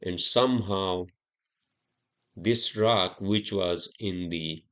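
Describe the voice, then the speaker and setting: A man's voice: low voice, slow, a bit bright. A man hosting a solo podcast, rambling and swearing heavily through a heated rant. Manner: rambling, profane, heated ranting. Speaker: podcast host.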